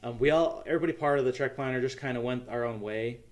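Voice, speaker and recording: Earnest, halting American man. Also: medium pitch. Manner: halting, many ums, earnest. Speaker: YouTube channel host. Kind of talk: casual livestream chat.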